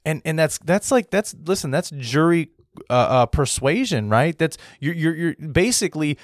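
An American man giving a heated opinion monologue to his viewers, restarting sentences, clearing his throat often and tagging his points with "right?". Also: fairly high pitch, animated, moderate pace, no room sound, clean studio sound. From United States. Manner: heated, repetitive, frequent "right?" tags and restarts. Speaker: political commentary host.

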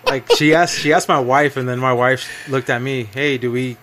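Brief: man, podcast host, earnest explainer, mid-pitched everyday voice. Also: steady tone, moderate pace, a bit bright, a little hiss or hum. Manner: earnest, explains at length, acts out customers. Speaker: podcast host, collectibles seller. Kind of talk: casual chat.

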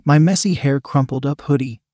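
A man's voice: mid-range voice, fairly quick, a little mellow, no room sound, clean studio sound. A man steadily reading a first-person erotic story aloud. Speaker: narrator.

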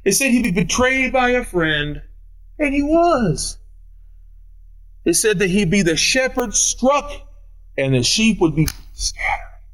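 A man's voice: high-pitched, big pitch swings, takes it slowly, long pauses, fairly bright tone. A man preaching an Easter sermon as pastor, running through scripture references with rising emphasis. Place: church sanctuary.

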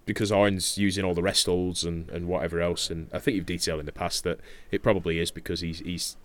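A man's voice: sits low, flat delivery, fast. A young man, recapping wrestling matches in casual podcast chat, swearing freely, laughing often and trailing off with filler words. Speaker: podcast co-host reviewing wrestling.

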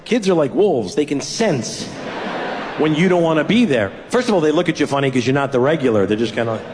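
Man with a high voice, stand-up storytelling. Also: lively intonation, brisk, long reverb tail, background noise. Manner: self-deprecating storytelling, acts out family dialogue. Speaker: stand-up comedian. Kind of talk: stand-up routine.

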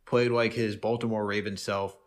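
A man with a fairly low voice chatting about sports as a podcast co-host. He is animated and loose, and he tosses in "man" and "bro" all the time. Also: moderate pace. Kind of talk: casual sports talk.

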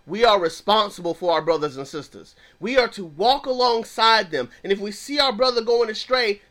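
A man's voice: very high-pitched, a bit bright. A man who counsels clients, teaching in an emphatic preaching style with a repetitive cadence.

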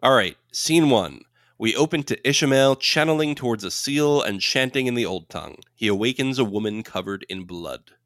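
Bright-voiced man co-hosting a podcast. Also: medium pitch, expressive, moderate pace, no echo, studio quality. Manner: knowledgeable, explains and corrects details. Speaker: podcast co-host. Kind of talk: casual podcast chat.

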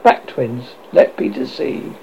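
A reader voicing an earnest, guilty young boy in a storybook, his voice pitched up and shaky, in a dull lo-fi recording. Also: slow pace, warm tone, a little hiss or hum, lightly acted. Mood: firm.

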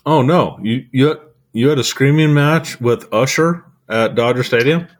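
A man co-hosting a podcast who recaps events in a relaxed, easygoing way with plenty of fillers. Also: mid-range voice, a little slow. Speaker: podcast co-host. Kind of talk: casual chat.

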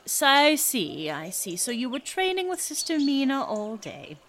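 An actress playing a fussy, condescending abbess who scolds a young nun. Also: female voice, high voice, big pitch swings, a little slow, a bit bright, a little hiss or hum, exaggerated voice. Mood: prim.

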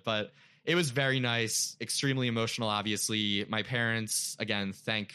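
A man's voice: fairly low pitch, fairly even intonation, moderate pace, pushed and bright, smooth. A young man casually telling an emotional personal story as a guest, with many "like" fillers.

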